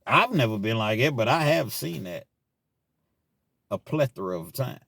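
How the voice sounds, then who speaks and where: A man's voice: medium pitch, lively intonation, moderate pace, creaky, fairly bright tone, breathy edge, no room sound. A man telling a personal story in casual, slangy talk as a vlog host. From Kentucky, US.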